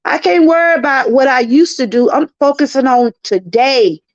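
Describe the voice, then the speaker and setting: High-voiced Southern woman giving testimony. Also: animated, moderate pace, no room sound. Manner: earnest, preachy, repeats herself, talks to chat. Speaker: channel host. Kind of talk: live-stream testimony talk. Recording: dry, slightly muffled lo-fi sound.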